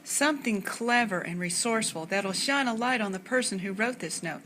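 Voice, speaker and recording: A woman voicing a bossy, sharp-tongued young girl who talks with sarcastic impatience. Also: medium pitch, lively intonation, moderate pace, a little hiss or hum.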